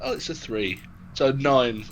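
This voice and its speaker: A man playing a tabletop game, casual and excitable, swearing freely. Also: mid-range voice, unhurried, a little hiss or hum. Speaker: player.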